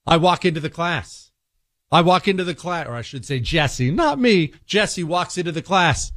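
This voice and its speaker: A man hosting a political commentary monologue, telling an animated story and acting out characters. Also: a little high, moderate pace, no echo, studio quality. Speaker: political talk show host.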